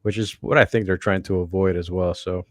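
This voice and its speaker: A man's voice: low voice, fairly even intonation, a little fast, dry recording, clean studio sound. A man co-hosting a casual podcast, talking in a laid-back way with fillers. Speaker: podcast co-host. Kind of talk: casual chat.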